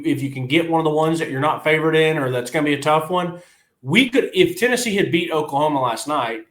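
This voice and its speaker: Casting a blunt, frustrated male podcast co-host who chuckles through his rants, slightly high voice, roomy sound. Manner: blunt, frustrated, laughs often. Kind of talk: casual sports chat.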